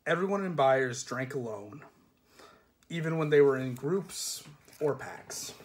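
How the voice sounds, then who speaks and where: Man, reading aloud, measured, dry, mid-range voice. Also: medium pitch, lively intonation. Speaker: reader.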